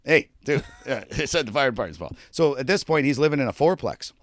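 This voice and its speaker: A man co-hosting a casual podcast, telling stories in a lively, profane way and shouting out quoted lines. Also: mid-range voice, brisk. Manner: animated storyteller, swears a lot, acts out shouted quotes. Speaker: podcast co-host. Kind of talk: casual storytelling chat.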